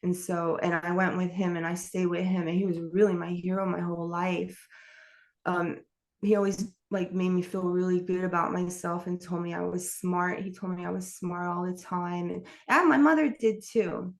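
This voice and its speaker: Speaking at normal speed in a lowish, steady voice, a middle-aged woman from New York gives personal testimony in an interview. She wanders through her life's story frankly, with plenty of laughs along the way.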